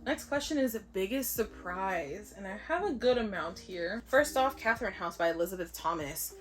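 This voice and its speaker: A young woman reviewing books in a casual vlog, blunt, sarcastic and quick to swear. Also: medium pitch, lively intonation, soft background music. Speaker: book vlogger. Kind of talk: casual book review chat.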